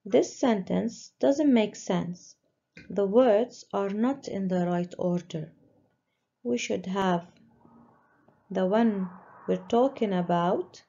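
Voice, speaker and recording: A woman teacher slowly walking young pupils through a worksheet, patiently stressing each word. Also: medium pitch, creaky, mellow. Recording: dull lo-fi recording.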